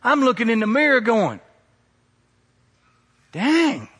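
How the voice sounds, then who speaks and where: A middle-aged man preaching a sermon, swinging from hushed to loud. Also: fairly high pitch, brisk, in a large hall. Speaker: pastor.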